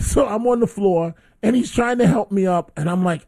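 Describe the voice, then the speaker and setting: Animated high-voiced radio host. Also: male voice, moderate pace, creaky, no room sound, clean studio sound. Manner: animated storytelling, acts out his own shouts. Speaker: radio talk show host. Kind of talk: call-in radio talk. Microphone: studio microphone.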